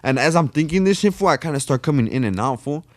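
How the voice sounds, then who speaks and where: A man's voice: on the high side, expressive, quick pace, no room sound, studio quality. A man telling a story on a podcast in a slangy, profane way. He keeps calling his listener "fool.". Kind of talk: casual chat, storytelling.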